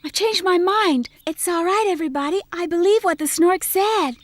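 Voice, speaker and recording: A woman's voice: very high voice, normal speed, no room sound. A woman voicing a fussy, dramatic grown-up lady in a dubbed cartoon, speaking in an exclaiming, theatrical way. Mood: relieved.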